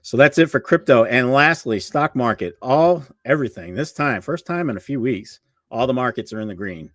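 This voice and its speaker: A man's voice: mid-range voice, animated, dry recording, clean studio sound. A man co-hosting a casual livestream chat, reading out market prices and talking loosely with his partner. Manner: chatty, reads market prices off quickly. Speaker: co-host of a livestream show.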